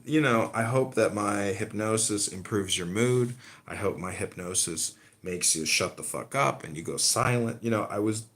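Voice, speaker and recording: A man's voice: deep voice, a bit bright. A man hosting a podcast in a casual, meandering monologue, cursing freely and leaning on fillers like "you know" and "like". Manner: profane, meandering storytelling with frequent fillers. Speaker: podcast host.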